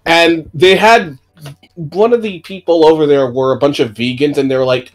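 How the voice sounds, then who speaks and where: A man's voice: on the high side, normal speed, faint music behind. A man hosting a casual let's play, telling rambling anecdotes. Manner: chatty storytelling, rambling anecdotes. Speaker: host.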